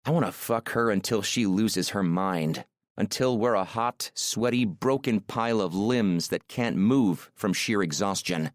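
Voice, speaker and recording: A man narrating a romance audiobook in the first person, measured and intimate, on a close mic. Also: fairly low pitch, dry recording.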